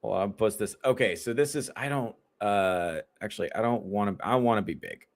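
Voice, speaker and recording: A man's voice: on the low side, a little fast. A male comedian hosting his own podcast, talking alone in a rambling, profane and exasperated way, full of fillers. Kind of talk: solo podcast monologue.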